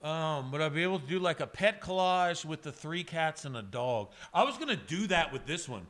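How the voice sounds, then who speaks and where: A man's voice: a little high, expressive, moderate pace, fairly bright tone. A man livestreaming from his home studio, talking casually and emotionally to his viewers, rambling and swearing as he goes. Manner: rambling, profane, emotional, talks to chat by name. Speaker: livestreaming airbrush artist.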